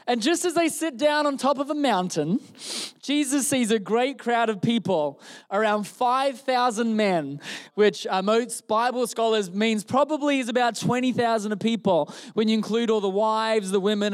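A male preacher giving a sermon in church, telling the story in an animated, joking way. His voice sits very high for a man. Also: normal speed.

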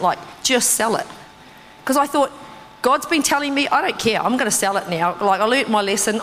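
A woman preaching in a church hall, her fairly high voice carrying a long reverb. She tells her testimony in a lively, storytelling way, leaping up in pitch as she acts out her own reactions. A faint hum of room noise sits underneath. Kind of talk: sermon with personal testimony.

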